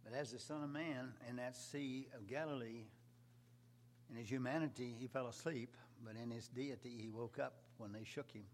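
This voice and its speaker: Male preacher, mid-pitched, delivers a sermon with big loud swells and quiet drops over a faint hum. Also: fairly even intonation, moderate pace.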